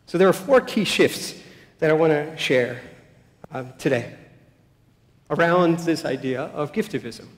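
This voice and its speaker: A man with a fairly high voice gives a talk on stage in a large hall. He tells animated stories and acts out the quoted lines. His voice rings with a long, roomy reverb. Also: a little slow, long pauses. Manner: animated, anecdotal, acts out quotes, soft-spoken at key points. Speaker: speaker giving a talk. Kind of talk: storytelling public talk.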